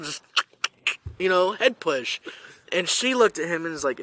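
High, bright-voiced young man telling stories. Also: normal speed, pauses often. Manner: animated, swearing, acts out quotes loudly. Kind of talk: casual chat, storytelling.

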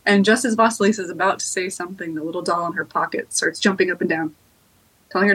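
A woman retelling a folktale as a podcast guest, relaxed with frequent ums and likes. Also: on the low side, fast talker, slightly rough, no room sound, poor audio. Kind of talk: casual oral storytelling.

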